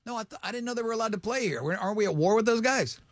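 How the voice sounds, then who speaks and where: A man's voice: high voice, animated, very fast, no room sound, clean studio sound. A man hosting a radio show, running through a sports schedule and joking with his co-hosts in casual banter. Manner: wisecracking, joking.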